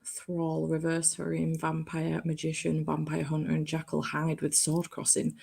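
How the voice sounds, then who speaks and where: A woman's voice: sits low, monotone, normal speed, creaky, darkish tone, slight background noise. A woman co-hosting a casual book club chat, frank and chatty, swearing casually.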